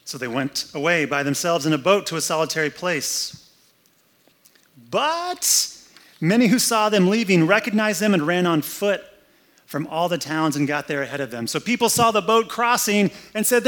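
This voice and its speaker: A man's voice: sits high, expressive, normal speed, a bit bright. A pastor giving a conversational, humorous sermon indoors, acting out the story as he goes. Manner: conversational, humorous, acts out scenes. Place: air-conditioned room, indoors.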